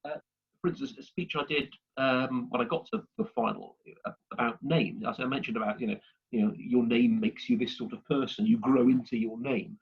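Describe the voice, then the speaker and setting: Husky man giving a workshop. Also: medium pitch, brisk, lo-fi sound. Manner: rambling, many fillers and restarts. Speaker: speaking workshop presenter. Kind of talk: instructional talk with anecdotes. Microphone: video call.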